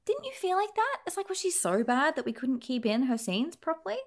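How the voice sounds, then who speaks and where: A woman co-hosting a film review podcast, ranting in an animated, exasperated way. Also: high-pitched, a little fast. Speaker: podcast co-host. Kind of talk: casual film review chat.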